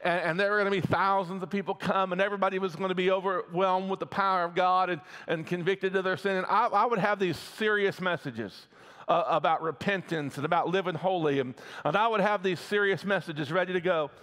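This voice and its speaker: A middle-aged male pastor gives a folksy sermon in a church sanctuary, frequently checking in with the congregation. He talks fairly quickly in a high, fairly bright voice, with the hall's long reverb around him.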